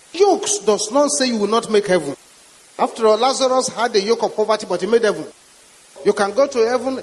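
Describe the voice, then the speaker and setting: A man with a Nigerian accent preaching a sermon as a pastor, with emphatic, repetitive declarations. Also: sits high. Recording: reverberant hall with faint hiss.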